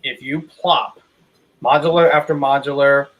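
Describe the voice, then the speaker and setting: A man's voice: medium pitch, steady tone, unhurried, highs cut off. A man co-hosting a casual chat, thoughtful and hedging as he searches for the right words. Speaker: podcast co-host.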